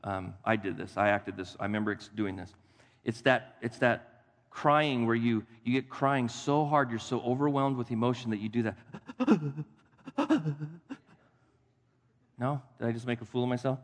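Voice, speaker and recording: Animated male pastor preaching in a hall. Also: mid-range voice, moderate pace, long pauses. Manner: animated, acts out voices of Bible figures. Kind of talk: sermon. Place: church sanctuary. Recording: long hall reverb.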